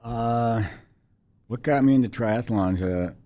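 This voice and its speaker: A man in his sixties, a podcast guest telling a personal story in a halting, reflective way with many restarts. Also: medium pitch, mellow. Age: 60s.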